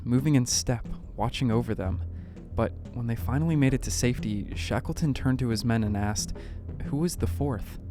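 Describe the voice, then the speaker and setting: A man narrates a mystery documentary in a measured, suspenseful way, his voice sitting in an ordinary middle pitch. Faint music plays underneath. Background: faint background music.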